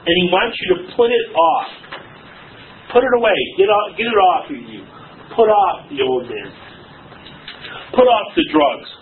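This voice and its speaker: Man, pastor, higher voice, lively sermon delivery, church service, tinny lo-fi recording. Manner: lively preaching with Bible readings and stories. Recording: tinny phone-like recording with faint noise.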